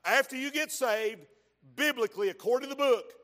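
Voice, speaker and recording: A man's voice: extremely high pitch, brisk, sharp tone, long reverb tail. A man preaching a fervent sermon, punctuating his points with frequent amens.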